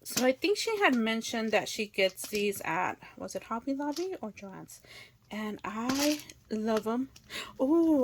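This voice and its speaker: A woman's voice: high-pitched, background noise. A woman hosting a crafting channel, opening craft mail indoors and gushing over each item as she chats to viewers. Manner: gushing, exclaims often, talks to viewers. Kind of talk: casual unboxing chat.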